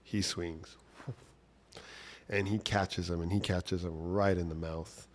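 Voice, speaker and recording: A man's voice: deep voice, steady tone, slow. A man casually telling a personal story from childhood, talking conversationally with lots of "like" and "right?".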